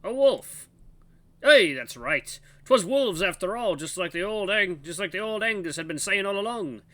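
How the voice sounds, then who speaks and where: A man's voice: high-pitched, moderate pace, voice pushed up. A man voicing cranky old male night watchmen in a game, bickering in a folksy old-timer dialect. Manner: squabbling, excitable.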